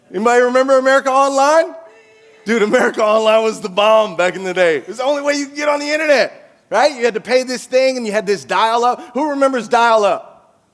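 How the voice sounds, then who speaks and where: A man giving an energetic conference keynote, telling a story and joking with the crowd through questions. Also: very high voice. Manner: animated, jokey, engages the crowd with questions. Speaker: keynote speaker. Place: large dim conference hall. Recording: long hall reverb.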